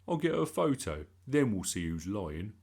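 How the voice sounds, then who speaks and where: Cheeky, stubborn schoolboy, as a man reads him, high and lively, a gravelly edge underneath. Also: normal speed, heavily acted. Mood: indignant. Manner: high, earnest and protesting.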